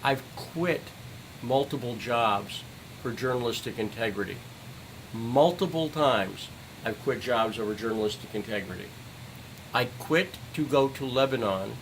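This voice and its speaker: An angry middle-aged man in a livestream rant, voice of ordinary pitch, swearing and hammering the same phrases again and again. A faint hum sits under the recording. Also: low-quality recording. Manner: furious, profane, repeats phrases for emphasis. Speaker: citizen journalist streamer.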